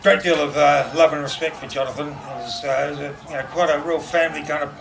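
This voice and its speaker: A man's voice: fairly high pitch, fairly even intonation, fast, vocal fry. A middle-aged man giving a rambling memorial speech, full of fillers and laughing through anecdotes. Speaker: eulogist at a memorial. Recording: distant mic with background noise.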